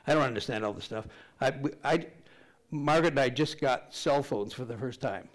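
A man's voice: medium pitch, brisk. Older man, pastor, conversational sermon, rambling humorous asides, scripture reading.

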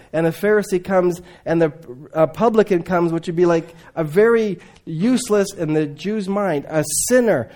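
A man preaching a sermon, swinging between loud emphatic lines and hushed, low asides.

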